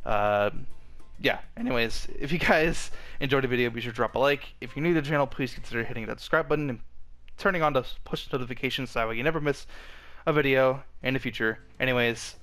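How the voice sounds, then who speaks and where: A man's voice: mid-range voice, fast, fairly bright tone, faint music behind. A young man hosting his channel, talking casually and rambling, with frequent restarts as he tries to say everything at once. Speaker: channel host. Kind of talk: casual vlog update.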